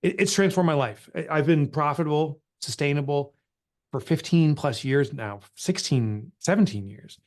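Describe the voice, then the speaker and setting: A man's voice: fairly high pitch, moderate pace. Earnest middle-aged man telling his story. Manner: earnest, emotional, confessional. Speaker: author and guest. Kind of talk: candid storytelling interview.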